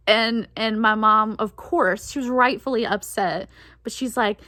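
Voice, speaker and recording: A woman's voice: medium pitch, moderate pace, bright, forceful tone, dry recording, studio quality. A young woman telling a story from her teens in a casual, chatty way, laughing often and acting out the voices she quotes. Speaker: vlogger.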